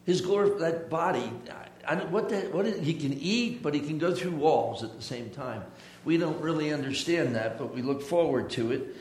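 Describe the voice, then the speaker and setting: A man with a high voice delivers a sermon in a folksy, animated way, easing into scripture with a joke. His voice rings out in a roomy, echoey church hall. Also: moderate pace, slight background noise. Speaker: pastor.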